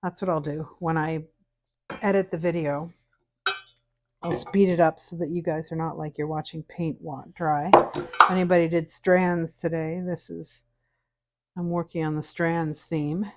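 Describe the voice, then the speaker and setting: Middle-aged Canadian woman, cooking teacher, lowish voice, loose chatty delivery with humming. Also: fairly even intonation, a little slow, background noise. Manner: chatty, hums and sings to herself while working. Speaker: cooking instructor. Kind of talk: casual cooking tutorial chat.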